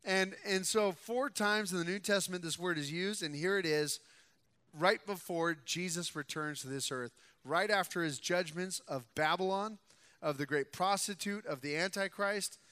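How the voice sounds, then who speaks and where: A young adult male pastor giving a conversational sermon in a church sanctuary, who grows louder and more emphatic when he reads scripture aloud. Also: high-pitched, moderate pace, clear, resonant tone. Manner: conversational preaching, rising loud for scripture reading. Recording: long hall reverb.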